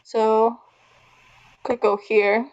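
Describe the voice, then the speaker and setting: A woman's voice: fairly high pitch, flat delivery, very slow, a little mellow, highs cut off. A woman playing a tabletop game, thinking through her turn aloud with hesitant fillers. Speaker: player. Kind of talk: casual tabletop play.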